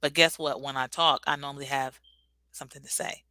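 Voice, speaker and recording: Woman host, casual livestream chat, very bright tone, dry close sound, answers viewer comments. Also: extremely low pitch, steady tone, brisk, no echo, rough recording.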